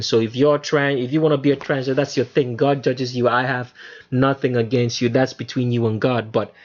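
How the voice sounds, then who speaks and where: A man's voice: medium pitch, dull audio. A man hosting his own channel, talking emphatically in a solo monologue over pictures, with many fillers and restarts. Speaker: channel host.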